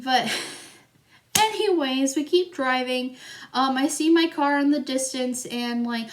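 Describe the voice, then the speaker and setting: A woman's voice: high voice, expressive, takes it slowly. A young woman telling a story in a vlog, chatty and rambling, with frequent fillers and giggles. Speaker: vlogger.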